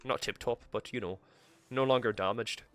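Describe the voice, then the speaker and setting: A man's voice: mid-range voice, normal speed, fairly bright tone, soft background music. A man live-streaming a game, chatting casually with himself and swearing freely as he plays. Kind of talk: casual gameplay commentary.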